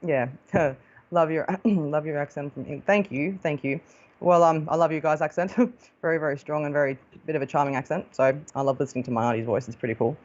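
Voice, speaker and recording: A woman's voice: low voice, fairly even intonation, brisk, darkish tone, lo-fi sound. An Australian woman hosting a live stream as a psychic medium, chatting casually and affectionately, calling viewers darling as she greets them.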